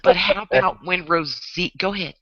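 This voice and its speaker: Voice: medium pitch, moderate pace, highs cut off, a crowd in the background. A host, chatting animatedly in a casual group chat and acting out quotes.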